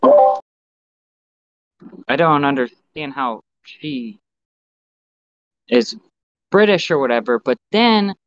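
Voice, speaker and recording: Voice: medium pitch, no echo. A podcast co-host in casual chat, giving blunt, profane, rambling opinions, recorded with slightly muffled audio.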